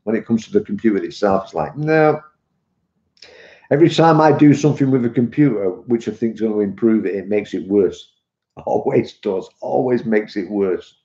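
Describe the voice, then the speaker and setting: British male streamer, chatty, rambling, low mellow voice, muffled roomy sound. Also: animated, moderate pace. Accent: British English. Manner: rambling, chatty, addresses viewers as "mate". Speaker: vape reviewer and live streamer. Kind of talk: casual live-stream chat. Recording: muffled, echoey room.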